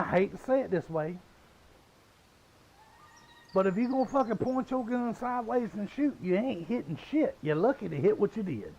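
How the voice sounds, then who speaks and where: Southern guy in his 50s, raspy gravelly voice pitched kinda high, cussing up a storm mid-game. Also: darkish tone, lo-fi sound, slight background noise. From Southern United States. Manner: heated, swearing, blunt. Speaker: gamer. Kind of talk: profane casual rant while gaming.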